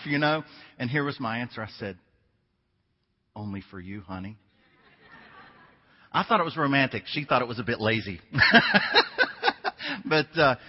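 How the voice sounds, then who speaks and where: A man preaching as a guest speaker, telling a funny story to the congregation before his sermon. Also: a little high. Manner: animated storytelling, jokes with the congregation. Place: church sanctuary. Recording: dull sound in a reverberant church hall.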